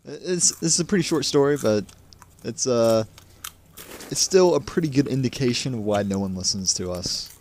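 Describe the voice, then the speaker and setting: A man's voice: medium pitch, lively intonation, normal speed, darkish tone, a little hiss or hum. Rambling young man telling a story. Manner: rambling storyteller, repeats words, laughs a lot. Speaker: podcast co-host. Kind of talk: casual chat.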